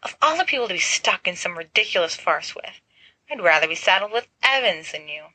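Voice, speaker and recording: Woman doing haughty teenage girl, cold, hissing, contemptuous, storybook reading, bright tone. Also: lowish voice, sing-song, a little fast, husky, no echo, full character voice, rough recording. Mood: scornful.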